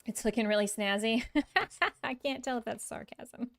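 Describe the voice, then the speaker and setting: A woman's voice: a little high, steady tone, normal speed, vocal fry, a bit bright. A woman streaming a game, chatting casually with viewers in a chatty, self-mocking way and laughing often. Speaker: live-streaming gamer. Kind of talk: casual gameplay chat with viewers.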